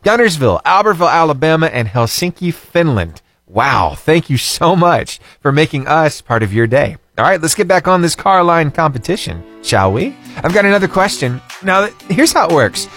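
Lively radio host man. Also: fairly high pitch, moderate pace, few pauses, dry recording, soft background music. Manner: cheerful, chuckles often, animated delivery. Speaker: radio morning show host. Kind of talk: upbeat radio call-in chat. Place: radio studio.

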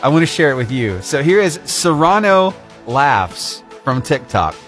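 Male host, casual chat, lively pitch, laughs often. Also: measured pace, soft background music. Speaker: radio show host.

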